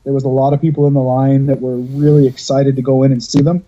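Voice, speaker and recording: A man's voice: medium pitch, flat delivery, fast talker, warm tone, highs cut off. A man hosting a podcast over a video call, telling stories in a rambling, casual way and swearing freely. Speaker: podcast host.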